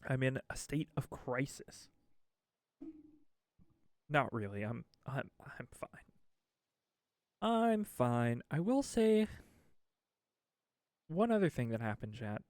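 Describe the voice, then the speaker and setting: A man's voice: mid-range voice, expressive, slow pace, long pauses, darkish tone, no echo, studio quality. A man chatting casually on a game stream, rambling and swapping his swears for mild stand-ins. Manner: rambling, self-censors swears with mild substitutes.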